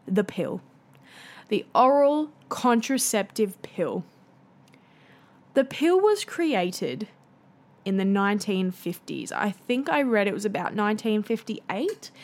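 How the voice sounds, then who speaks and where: A young Australian woman talks alone into the mic for her podcast. She keeps it chatty and playful and drops in wry little asides. Her voice sits at an ordinary middle pitch for a woman. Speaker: podcast host. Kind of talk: casual solo podcast monologue.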